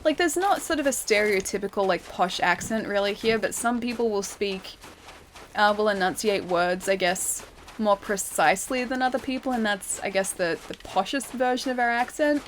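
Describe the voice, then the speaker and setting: A woman's voice: mid-range voice, moderate pace, a little hiss or hum. A young woman with an Australian city accent, chatting casually with her stream chat while playing a game, giggling often. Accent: Australian, city, pronounces final R's.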